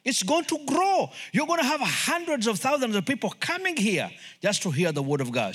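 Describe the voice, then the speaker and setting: A lively male preacher delivering a sermon, his fairly high voice swooping up and down as he repeats phrases for emphasis. He acts out the people in his stories and keeps the crowd with him. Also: moderate pace, few pauses, slightly rough. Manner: animated, repeats words, acts out quoted voices. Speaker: guest preacher, missionary.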